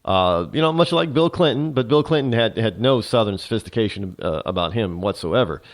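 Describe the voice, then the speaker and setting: Rambling man with a lively voice. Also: lowish voice. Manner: rambling, halting with many restarts. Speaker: talk show host. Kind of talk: political commentary monologue.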